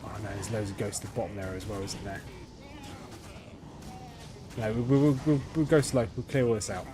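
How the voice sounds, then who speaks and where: This young man's fairly low voice comes fairly quickly over music as he commentates live on the game he's streaming. He muses aloud casually, with plenty of ums and false starts, and steady background noise runs throughout.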